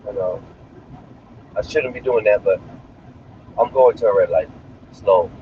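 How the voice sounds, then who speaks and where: A man's voice: lowish voice, normal speed. A man chatting casually on a livestream while driving, talking in a brash, crude, rambling way. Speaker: streamer. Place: inside a moving car. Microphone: phone. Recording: muffled sound with faint road noise.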